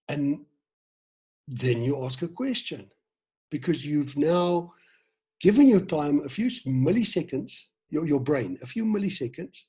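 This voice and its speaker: Husky South African man training a team. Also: fairly high pitch. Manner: lively, acts out quoted lines and questions the audience. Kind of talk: online sales training session.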